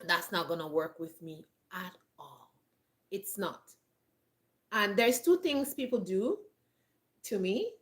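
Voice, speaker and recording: On a countryside homestead, a woman vlogger gives blunt, emphatic advice straight to camera, laughing often despite a frog in her throat. Her mid-range voice is animated, and she speaks slowly with long pauses.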